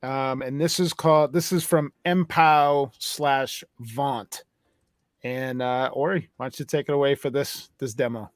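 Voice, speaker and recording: A man's voice: mid-range voice, fairly even intonation, measured pace, no echo, studio quality. A man hosting a casual review chat, telling rambling stories with frequent restarts. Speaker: host.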